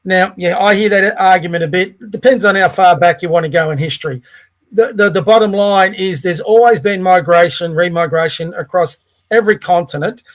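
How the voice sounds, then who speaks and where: A man co-hosts a podcast, arguing his points at length in a rambling, opinionated way. His voice is notably high for a man. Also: a little fast. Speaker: podcast co-host. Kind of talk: casual podcast chat.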